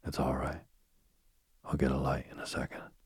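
Super deep husky guy reading a ghost story low and slow, mostly whispering, dry close sound. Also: flat delivery, dry recording. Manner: hushed, often whispered delivery. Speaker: narrator.

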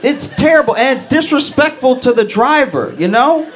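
A man doing stand-up on a comedy club stage, telling stories in an animated, exasperated way. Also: extremely high pitch, moderate pace, a faint crowd. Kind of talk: stand-up set. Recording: live club set with room noise.

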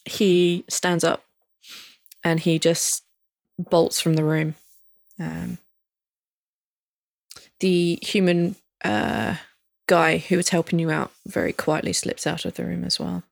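A woman narrates a tabletop scene as game master, soft and hesitant. Her voice is lowish and gravelly. The recording is dry. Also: slow pace, long pauses, no room sound.

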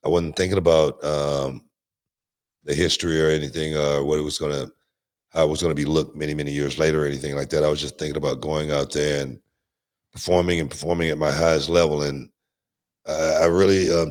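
A man hosting a podcast in casual chat, animated, often repeating words and stretching them out. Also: rumbling low. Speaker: podcast host.

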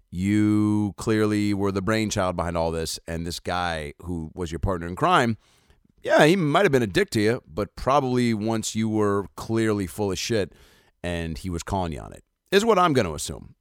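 A male comedian in his thirties riffs loosely to camera, swearing freely. His voice sits on the low side. The sound is dry and close. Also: no room sound. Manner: rambling, profane, loose and jokey. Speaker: comedian and host. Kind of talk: casual comedy monologue to camera.

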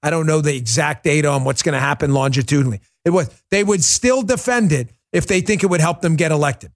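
Middle-aged male talk host, high-pitched, forceful ranting monologue style. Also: quick pace. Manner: forceful, ranting, emphatic repetition. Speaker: political talk show host. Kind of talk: heated political monologue.

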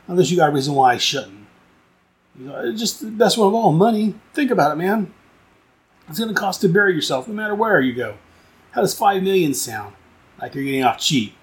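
A man's voice: sits high, animated, a little fast, slight background noise, pitched above the performer's own voice. A man voicing a menacing gangster demanding money, in a brash, put-on tough-guy accent and a raised voice. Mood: threatening.

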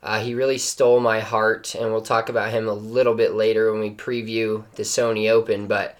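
A man co-hosting a podcast over a video call, rambling excitedly and swearing in casual chat. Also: on the low side, a little fast. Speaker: podcast co-host. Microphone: remote call mic.

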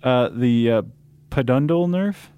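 A man's voice: mid-range voice, expressive, unhurried, mellow, clear, resonant tone, no echo, muffled recording. Guy cohosting a podcast, goofy rambly chat, mid voice, dry close mic. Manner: loose, joking, many fillers and restarts. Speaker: podcast co-host. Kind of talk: casual chat.

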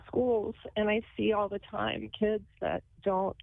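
A woman's voice: medium pitch, steady tone, unhurried, creaky, slight background noise. A woman calling in to a radio show, emotional and laughing through tears as she talks. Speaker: caller. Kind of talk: phone call to a radio show. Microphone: phone. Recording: tinny phone line.

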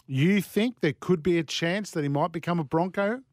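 A man hosting a sports radio show, brisk and keeping things moving. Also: high-pitched, no echo, clean studio sound. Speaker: radio host. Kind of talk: casual sports radio chat.

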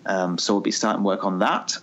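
A man's voice: low voice, a little fast, fairly bright tone. An Irish man and actor, a guest in a casual interview, dry and brief in his answers. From Ireland. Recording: dull lo-fi sound.

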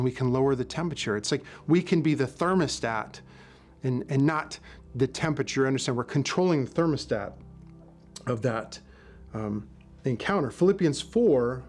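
A man preaching in a middle-range voice, talking through his sermon as an easygoing story. He often stops and restarts mid-phrase. The delivery is plain and unhurried. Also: medium pitch, darkish tone. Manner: conversational storytelling with frequent restarts. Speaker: pastor and former police officer.

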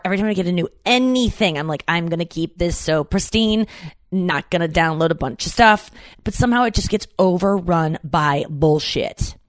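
Vlogger rambling and swearing a lot, mid-pitched, dry close recording. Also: no echo. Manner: rambling, profane, self-interrupting. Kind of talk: casual solo chat.

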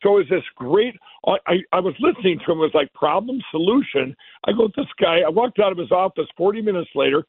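Man from Minnesota, raised pitch, rambling storyteller, tinny dry phone line. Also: animated, fast, husky, dry recording. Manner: rambling, repeats and restarts words. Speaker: guest, company founder. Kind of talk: casual storytelling.

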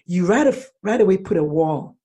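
A woman author answering interview questions, animated and acting out bits of dialogue as she talks. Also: on the low side, normal speed, breathy edge. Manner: animated, acts out dialogue in lively voices. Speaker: author guest.

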